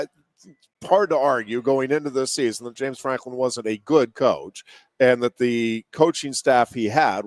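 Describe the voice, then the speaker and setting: Measured man talking sports. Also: medium pitch, no room sound. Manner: measured, analytical, reasoning aloud. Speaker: co-host. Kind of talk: sports talk show chat.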